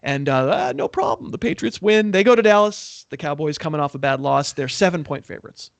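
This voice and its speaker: A man's voice: a little high, brisk, gravelly, dry recording. A man co-hosting a football betting show, chatting casually with wry, sarcastic jabs. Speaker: NFL betting podcast co-host. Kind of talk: casual sports betting chat.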